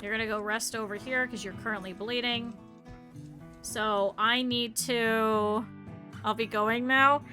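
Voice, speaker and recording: Bright-voiced woman streaming a game. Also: a little high, steady tone, a little slow, faint music behind. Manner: chatty, scolds the game characters, swears, talks to chat. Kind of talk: live gameplay stream commentary.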